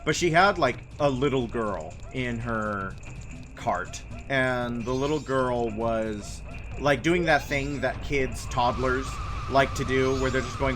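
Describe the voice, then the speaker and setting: A man's voice: medium pitch, unhurried. A man streaming a game and chatting casually, telling stories and drifting between topics. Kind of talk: casual chat while gaming on stream. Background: faint game music.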